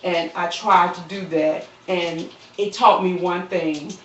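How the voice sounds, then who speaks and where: A woman delivering an impassioned, preaching-style appeal on a live stream, repeating phrases and quoting scripture, swelling into shouts and dropping soft, recorded on a phone. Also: on the low side, steady tone, slow pace, background noise. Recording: roomy, distant, dull phone recording.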